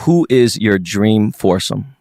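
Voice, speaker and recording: A man's voice: lowish voice, animated, takes it slowly, a little mellow, no room sound, studio quality. A man hosting a casual podcast chat, laid-back, talking in loose slang. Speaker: podcast host.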